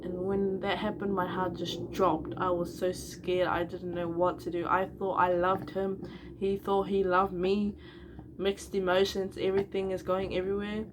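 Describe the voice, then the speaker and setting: A woman's voice: mid-range voice, flat delivery, moderate pace, noisy background. A young woman, a new mother, candidly telling her personal story and acting out both sides of old phone calls. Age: young adult.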